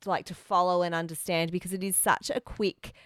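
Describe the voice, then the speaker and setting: A woman co-hosting a podcast in casual chat, talking fast and loose, laughing often and restarting words. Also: fairly low pitch, flat delivery, a bit bright, clean tone, no room sound, clean studio sound. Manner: chatty, laughs often, restarts mid-word. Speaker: podcast co-host.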